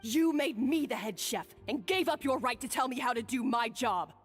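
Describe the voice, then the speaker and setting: An actress playing a proud, defensive young head chef in a game, curt and combative. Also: female voice, a little high, moderate pace, slightly rough. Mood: defiant. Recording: reverberant game audio with music.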